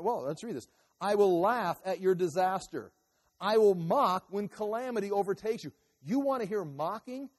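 A man preaching a sermon as a pastor, animated, swinging between loud outbursts and quiet asides. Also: high-pitched, big-room sound.

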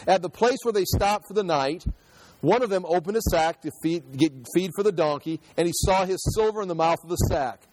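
A man's voice: high-pitched, fairly quick, darkish tone, no echo. A man teaching the Bible verse by verse in a conversational way, reading passages and then explaining them, often restarting his sentences. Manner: conversational, reads scripture then explains it in his own words; frequent restarts and repeated words.

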